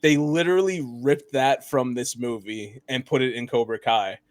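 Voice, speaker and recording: A man co-hosting a casual review podcast, animated and laughing often as he talks. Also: mid-range voice, moderate pace, no room sound. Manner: animated, laughs often, mimics voices in quotes. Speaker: podcast co-host.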